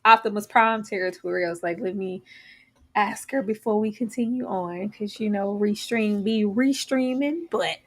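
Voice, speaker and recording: A woman hosting a casual live-stream discussion over a video call, animated and quick to laugh. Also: medium pitch. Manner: animated, laughs often, trails off. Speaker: host.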